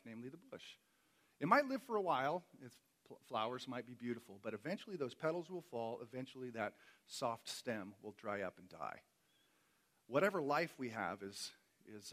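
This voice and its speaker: A man's voice: medium pitch, fairly bright tone. A man preaching a sermon as a pastor, earnest and emphatic, repeating key words for weight.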